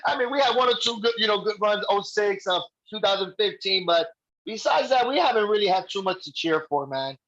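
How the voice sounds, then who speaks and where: Excitable, rambling high-voiced man. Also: fairly quick, highs cut off. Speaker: guest co-host. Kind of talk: casual fan chat.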